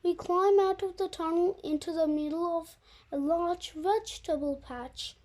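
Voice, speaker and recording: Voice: very high-pitched, steady tone, unhurried, a little mellow. A young reader reading a children's chapter book aloud with careful expression. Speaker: storybook reader.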